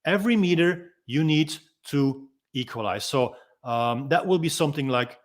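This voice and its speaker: A man with a slightly high-pitched voice calmly teaches a freediving technique. He explains in a gentle, unhurried way and pauses often with small ums between his points. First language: Dutch. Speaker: freediving instructor. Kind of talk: instructional demonstration.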